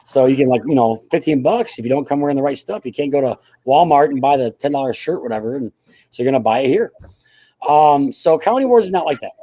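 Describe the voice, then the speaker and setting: A man's voice: mid-range voice, expressive, quick pace, dark tone, dry recording. A man, a guest who owns a playing field, explaining things in an offhand, rambling way on a casual podcast. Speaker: guest, airsoft field owner.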